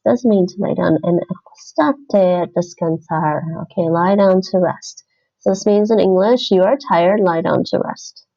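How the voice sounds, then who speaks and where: A woman talks her way through language-app exercises on a livestream, thinking aloud and fixing her own slips. Her voice has a gravelly fry and an unhurried pace. The stream audio sounds dull and lo-fi. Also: lowish voice, a little mellow. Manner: thinks aloud, chatty, self-correcting. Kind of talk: casual livestream commentary while doing app lessons.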